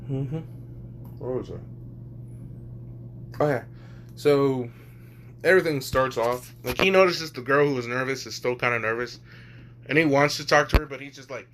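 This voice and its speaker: A man's voice: medium pitch, moderate pace, pauses often, fairly bright tone, a little hiss or hum. A man casually retelling a fan story, rambling and swearing, with many fillers and asides.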